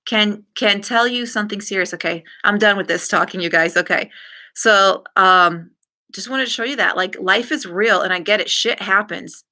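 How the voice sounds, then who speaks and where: A middle-aged woman hosting a live stream, talking frankly to her viewers and telling a personal story with lively asides. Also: medium pitch, normal speed. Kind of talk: candid live-stream talk.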